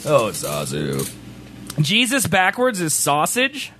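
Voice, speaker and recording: A young man hosting a livestream, chatting casually and joking with loud laughs at a home streaming setup. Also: a little high, wildly swooping pitch, slow pace. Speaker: livestream host.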